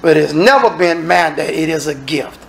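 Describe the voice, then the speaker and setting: A man preaching a sermon as minister, acting out dialogue and sometimes shouting. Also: fairly high pitch, brisk, gravelly.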